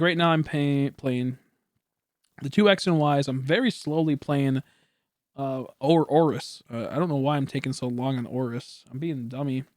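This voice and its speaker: A man's voice: mid-range voice, a little mellow, dry recording, studio quality. A young man streaming from home, chatting casually in a rambling, self-correcting way, swearing now and then and coughing at times. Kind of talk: casual chat.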